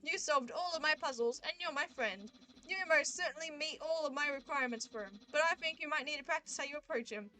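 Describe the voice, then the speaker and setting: A woman voices a proud, earnest skeleton while reading a visual novel aloud on a livestream, quickly proclaiming everything in grand, formal language. The character is a boastful, cheerful male skeleton making eager declarations, and her voice is high, bright and sharp.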